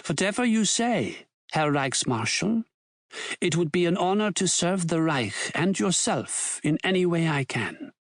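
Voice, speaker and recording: A man's voice: on the high side, sing-song, measured pace, no room sound, clean studio sound. A man voicing a wary German scholar who answers formally and carefully, with a respectful title each time. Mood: cautious.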